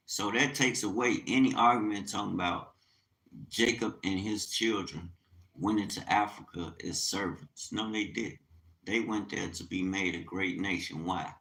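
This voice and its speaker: A man's voice: deep voice, unhurried, sharp tone, rough recording. A man teaching the Bible on a livestream, reading scripture aloud and commenting with urgent, emphatic preaching.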